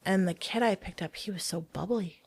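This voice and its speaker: A woman, a guest in an interview, telling a personal story in a casual, animated way and acting out the dialogue she quotes. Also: fairly low pitch, a little fast, breathy edge, no room sound.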